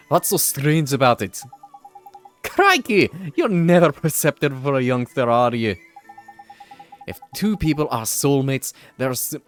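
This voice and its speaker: Male gamer voicing a cheeky fairy sidekick, put-on accent, slangy and pushy, high register. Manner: chirpy, bossy, full of slang.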